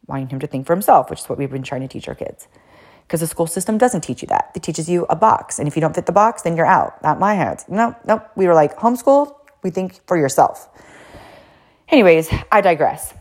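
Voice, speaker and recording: A woman hosting a podcast, telling a story in a blunt, animated way with frequent fillers, casual swearing and acted-out quotes. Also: deep voice, brisk. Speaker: podcast host and coach.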